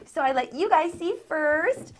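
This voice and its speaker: A woman hosting a doll review, talking excitedly and gushing over each detail with gasps of delight. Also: high-pitched, measured pace. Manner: gushing, gasping with delight, chatty. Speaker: host of a doll review channel.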